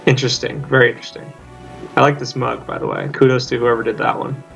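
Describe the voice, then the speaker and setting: A man's voice: medium pitch, little pitch movement, fast talker, creaky, a bit bright, lo-fi sound, soft background music. A man giving casual let's play commentary, musing aloud as he plays and reading bits of on-screen text. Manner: chatty, musing, often reads game text aloud.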